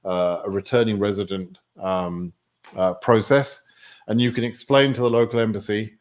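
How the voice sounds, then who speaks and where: An Englishman with a lowish, steady voice speaks at a moderate pace, answering viewer questions on a live stream. His manner is chatty and full of fillers.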